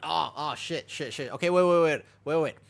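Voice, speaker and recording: A man's voice: on the high side, moderate pace, vocal fry. A young man chatting casually while streaming a game, answering chat, hopping between topics and laughing often. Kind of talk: casual live-stream commentary while gaming.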